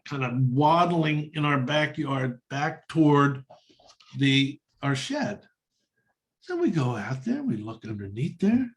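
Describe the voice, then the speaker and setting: A male guest speaker tells a long anecdote to a community meeting. He keeps it lively and conversational, and now and then briefly acts out what other people said before going back to his plain storytelling voice. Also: on the high side, poor audio. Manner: animated anecdote with quick acted-out quotes of others. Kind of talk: storytelling talk to a meditation group.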